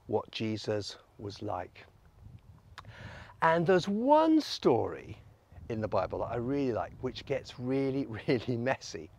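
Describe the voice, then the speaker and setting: A man leading family worship as a vicar, telling a Bible story in an animated, playful way with props. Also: fairly high pitch, no echo. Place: church.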